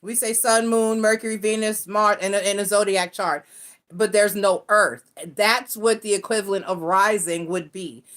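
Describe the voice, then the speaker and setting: A woman's voice: medium pitch, steady tone, normal speed, a bit bright. A woman, a tarot and astrology reader, explaining things in casual chat to her viewers, rambling with restarts and self-corrections. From North Carolina.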